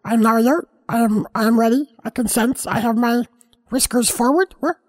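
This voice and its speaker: Woman voicing a distractible house cat in a comic monologue, high-pitched, meandering and self-interrupting. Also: brisk, natural voice. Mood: rambling.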